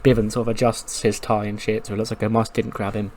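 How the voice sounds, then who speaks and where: A man giving casual, animated commentary on a wrestling sim game, swearing now and then. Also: lowish voice, quick pace, a little hiss or hum. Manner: animated, profane. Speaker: gaming commentator. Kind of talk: casual let's-play commentary.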